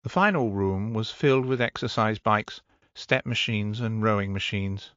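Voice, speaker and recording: A man's voice: fairly low pitch, moderate pace, a bit bright, no echo, muffled recording. A man narrating an audiobook in a dry, wry manner.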